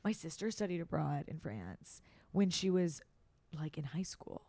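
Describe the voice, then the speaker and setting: A woman hosting a comedy podcast, chatting casually and joking quickly, often talking over her guest. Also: sits low, very animated, vocal fry, dark tone, no room sound. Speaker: podcast host.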